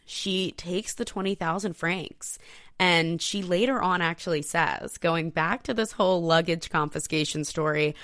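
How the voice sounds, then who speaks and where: A woman hosting a podcast, telling a history story in a casual, profane, animated way and talking straight to her listeners. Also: fairly low pitch, no room sound, studio quality. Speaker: podcast host.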